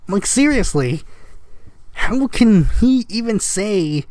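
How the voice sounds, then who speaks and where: A man's voice: high voice, expressive, moderate pace, darkish tone, no echo. A young man from the United States hosting a casual political rant show, talking in a sarcastic, mocking, exasperated way. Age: young adult. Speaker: podcast host.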